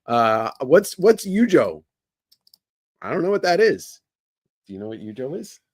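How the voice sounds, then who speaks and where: A man's voice: mid-range voice, big pitch swings, a little slow, husky, no room sound, clean studio sound. A man hosting a live comic sale stream from an office, joking and greeting viewers by name. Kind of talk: casual livestream chat. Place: indoor office.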